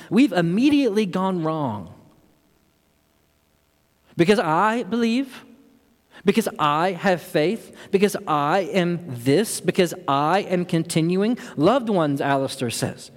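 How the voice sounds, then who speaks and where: A man preaching a sermon as pastor, earnest and building to impassioned emphasis. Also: high-pitched. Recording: long hall reverb.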